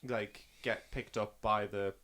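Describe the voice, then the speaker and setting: Guy rambling excitedly about a movie, bright sharp voice, casual chat. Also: fairly low pitch, slow. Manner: enthusiastic, rambling, gushing. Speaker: film review podcast guest watching for the first time.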